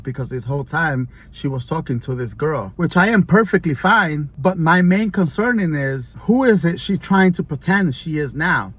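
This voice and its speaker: A husky-voiced man with a fairly high pitch talks straight to his viewers in a storytime vlog. He rambles in long run-on stretches, doubling back with restarts and filler words as he goes. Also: a bit bright. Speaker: vlogger.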